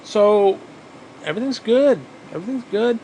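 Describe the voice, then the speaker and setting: A man telling a story casually, animated, swearing often and repeating phrases for emphasis, sounding tired. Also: sits high, moderate pace, a little hiss or hum, rough recording. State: physically exhausted.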